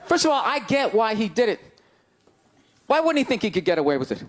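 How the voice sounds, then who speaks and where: A man doing a stand-up routine, ranting with incredulous questions and shouting his punchlines. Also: high-pitched, sing-song, a little fast, slight background noise. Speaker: stand-up comedian. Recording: live club with crowd laughter.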